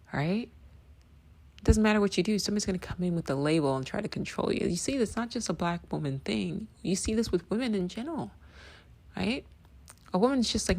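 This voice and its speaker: A woman host speaking her mind in a loose, emphatic podcast monologue, with a lowish voice and a gravelly edge. She swears freely, circles back to repeat her point, and punctuates her lines with "right?". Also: a little mellow. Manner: emphatic, repeats phrases, asks "right?" often. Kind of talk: casual opinion monologue.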